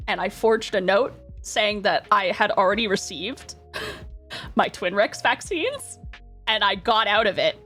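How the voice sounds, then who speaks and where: A young woman streamer telling stories in a casual, excitable way, laughing often and acting out what people said. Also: medium pitch, measured pace, soft background music. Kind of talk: casual storytelling.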